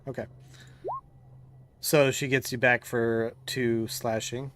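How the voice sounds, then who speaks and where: A man at a mid pitch runs a tabletop game over an online call. His talk is halting and casual, full of fillers and restarts. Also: level tone, a bit bright, a little hiss or hum. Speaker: game master.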